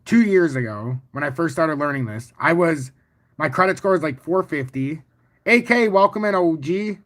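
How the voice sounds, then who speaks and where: A man's voice: fairly high pitch, normal speed. Boastful, swearing man hosting a livestream. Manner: boastful and confident; profane, animated storytelling. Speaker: crypto livestream host. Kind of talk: casual livestream chart talk, answering chat.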